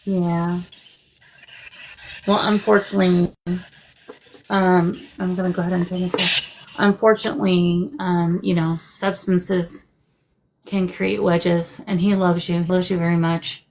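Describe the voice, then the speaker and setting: A woman hosting a live stream as a psychic medium, speaking gently and soothingly and calling her guests darling. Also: lowish voice, flat delivery, a little slow, long pauses, a little hiss or hum, low-quality recording. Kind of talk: live-stream spirit reading.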